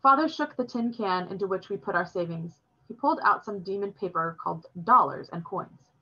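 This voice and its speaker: A woman reading a novel chapter aloud in a steady, plain storytelling voice. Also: mid-range voice, brisk, husky, lo-fi sound. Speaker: reader.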